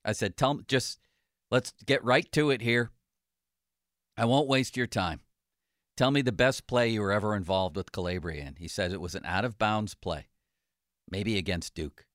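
A man, a sports journalist, chatting casually about sports in a lively, joking way. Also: fairly low pitch, no echo, clean studio sound. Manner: lively, joking, quick to laugh.

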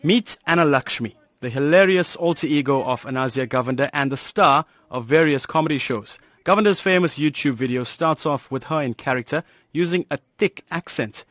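A man narrating a scripted radio news feature in an even, polished delivery. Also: on the high side, no echo.

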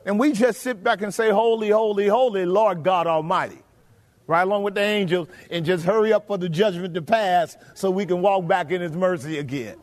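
A man preaching a sermon, emphatic and full of rhetorical questions to his congregation, drawing out key phrases slowly. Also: high-pitched. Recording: long hall reverb.

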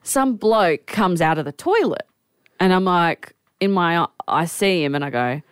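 Animated woman telling stories. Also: lowish voice, measured pace, clean tone, dry recording, studio quality. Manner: animated storytelling with frequent laughs. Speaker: radio co-host. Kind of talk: casual chat.

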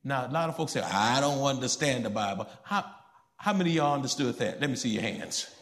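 A man preaching a sermon to his congregation in church, asking them questions and building to emphatic high points. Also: expressive, a little fast, fairly bright tone. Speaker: pastor.

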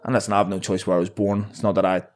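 A man in his twenties with a Northern Irish accent, answering interview questions in a relaxed, rambling way with many fillers. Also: lowish voice, rapid-fire. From Northern Ireland. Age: 20s. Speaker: professional boxer, guest.

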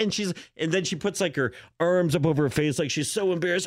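A man's voice: a little high, fast talker, hardly any pauses, no echo, studio quality. A man hosting a casual talk show, telling a story hesitantly with many restarts and asides. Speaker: podcast host.

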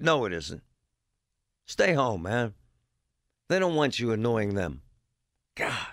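A man's voice: mid-range voice, lively intonation, a little slow, creaky, a bit bright, no room sound, clean studio sound. A man hosting a talk radio show, delivering a blunt, heated monologue. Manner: blunt, heated, emphatic ranting.

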